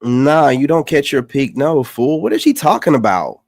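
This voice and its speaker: A man's voice: mid-range voice, expressive, moderate pace, hardly any pauses, a little mellow, no room sound. A man hosting a reaction commentary, mocking and dismissive as he talks back at clips.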